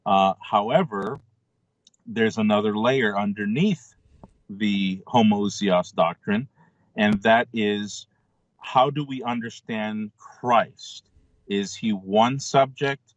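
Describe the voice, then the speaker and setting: A man as a radio show guest, explaining in a measured way with frequent ums, on dull lo-fi call audio. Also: fairly low pitch, dry recording. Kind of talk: explanatory interview talk.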